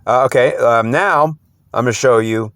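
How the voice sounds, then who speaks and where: A man's voice: medium pitch, normal speed, fairly bright tone, dry recording, clean studio sound. A man explaining spirit messages to camera. He repeats himself, sounds out words syllable by syllable, and breaks into incredulous outbursts. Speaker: spiritual speaker.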